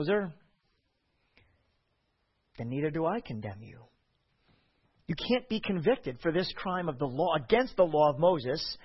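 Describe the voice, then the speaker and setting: Expressive male preacher, husky voice. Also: on the high side, dull audio. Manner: expressive delivery, acting out voices in scripture. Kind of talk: sermon.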